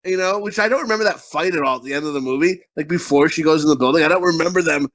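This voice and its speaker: A man's voice: fairly high pitch, very fast. A man co-hosting a casual movie review podcast, swearing a lot and acting out quotes through laughter. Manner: crude, animated, acts out quotes with laughter. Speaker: podcast co-host.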